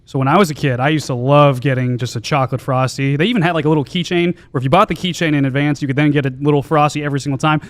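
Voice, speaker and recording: Casting: male podcast regular, higher voice, rambling casual ad read. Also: racing, few pauses. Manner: rambling, chatty, lots of fillers. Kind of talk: casual sports podcast chat.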